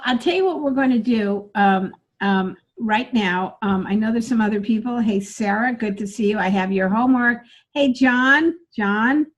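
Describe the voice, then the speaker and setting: A woman's voice: on the high side, highs cut off. A woman teaching a live online workshop as a speaking coach, upbeat and encouraging, chatting with her students by name over a video call.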